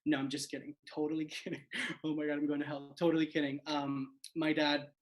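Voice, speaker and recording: A man's voice: on the high side, little pitch movement, brisk, low-quality recording. A man in his late twenties from South Florida, hosting and telling a self-mocking stand-up story over a video call, full of "like.". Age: late 20s. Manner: chatty, peppered with "like", self-mocking. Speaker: host and stand-up comedian.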